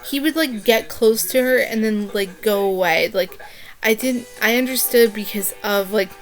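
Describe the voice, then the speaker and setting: A woman's voice: mid-range voice, normal speed. A young woman chatting casually in a book review vlog, rambling and gushing with constant "like" fillers.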